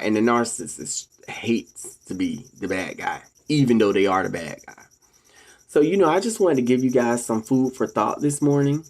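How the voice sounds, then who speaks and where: A vlogger giving a casual monologue to viewers. The speaker preaches, calls the audience ladies and gentlemen, and acts out what other people say in a raised voice. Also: medium pitch, lively intonation, normal speed.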